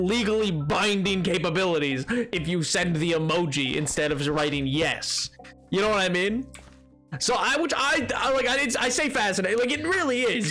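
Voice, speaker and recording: A man's voice: sits high, sharp tone. A man streaming a game, chatting casually with his viewers in a rambling, jokey way that keeps tripping over its own words. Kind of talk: casual live-stream chat.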